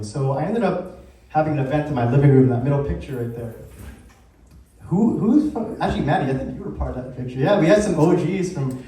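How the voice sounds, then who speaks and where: This thirtysomething founder of a community group gives a lively anniversary address to a live audience, throwing questions out to them. His voice is on the high side, animated, brisk and mellow, and the recording sounds distant in a very echoey room.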